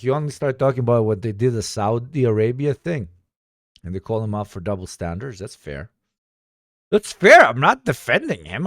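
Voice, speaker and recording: A man's voice: medium pitch, no room sound, clean studio sound. A man streaming reaction commentary, swearing freely, laughing often, and pressing his points with energy. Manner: profane, animated, laughs a lot.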